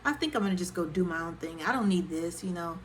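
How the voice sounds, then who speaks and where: A woman's voice: on the low side, animated, fast talker, slight background noise, close to an everyday voice. A woman putting on the voice of a dismissive, evasive partner who brushes things off nonchalantly.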